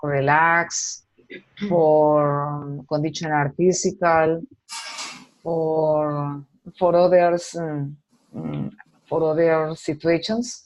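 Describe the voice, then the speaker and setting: A woman's voice: low voice, flat delivery, drawn-out words, low-quality recording. A woman, an adult student answering in English, hesitant and searching for words.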